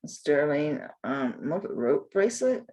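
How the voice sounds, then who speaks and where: A woman's voice: low voice, big pitch swings, a little slow, a little mellow. An older woman selling jewelry on a live stream, rambling and talking to herself as she looks items up, with some mild cursing. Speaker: jewelry seller. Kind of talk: live sale, chatty self-talk while looking up items.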